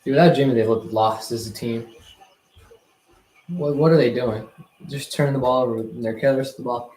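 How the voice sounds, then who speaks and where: A man's voice: medium pitch, brisk. Casual young man saying "dude" a lot. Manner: relaxed, says "dude" and "bro" a lot, grumbles at refs. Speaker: podcast co-host. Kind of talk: casual chat while watching a game. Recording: roomy echo, faint background noise.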